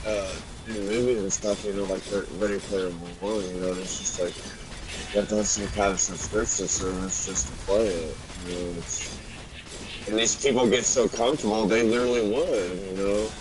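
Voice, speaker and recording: A man's voice: fairly low pitch, steady tone, normal speed. A young man chatting casually about games over an online voice chat, rambling with lots of "like" fillers. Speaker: gamer in a voice chat. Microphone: online voice chat mic. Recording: noisy, garbled voice chat line.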